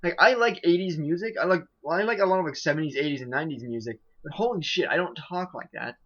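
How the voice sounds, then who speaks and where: A man's voice: fairly high pitch, fast, fairly bright tone, muffled recording. A man casually commenting on a video game he is playing, rambling and self-mocking with lots of "like" and restarts. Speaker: let's play host.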